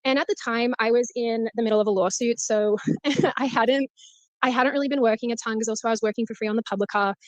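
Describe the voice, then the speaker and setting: Interview guest: Australian woman, quick and higher voice, dry sound. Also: no echo. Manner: earnest, careful, clarifying. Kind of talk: casual interview talk.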